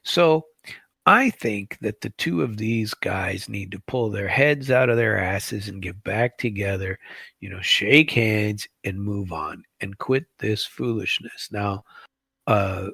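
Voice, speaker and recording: A man's voice: fairly low pitch, takes it slowly, vocal fry, bright, forceful tone, slightly rough, no echo, clean studio sound. A middle-aged man hosting a show, rambling through casual political commentary full of restarts and asides. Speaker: show host.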